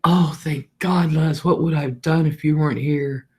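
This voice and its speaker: A man's voice: a little high, fairly even intonation, normal speed, breathy edge, pitched above the performer's own voice. A man mimicking a fussy elderly mother. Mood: fretful. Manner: fretful, then bossy.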